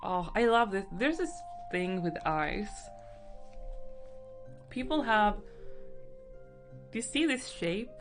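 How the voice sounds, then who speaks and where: A woman's voice: mid-range voice, animated, slow pace, pauses often, soft background music. Teary, giggly woman streamer. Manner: emotional and giggly, laughs often. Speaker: art streamer painting live. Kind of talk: casual live-stream chat.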